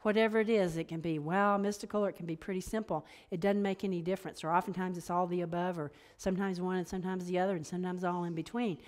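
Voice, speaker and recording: A woman's voice: fairly low pitch, steady tone, quick pace, hardly any pauses, a little mellow. Woman giving a chatty, playful sermon. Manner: conversational, playful asides, laughs at her own jokes. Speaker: minister.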